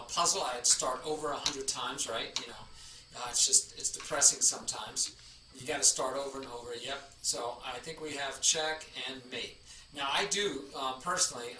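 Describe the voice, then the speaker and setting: A man's voice: mid-range voice, pushed and bright, slight background noise. A man streaming chess, chatting casually and rambling as he greets chatters by name. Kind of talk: casual live-stream chat. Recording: echoey room, from a distance.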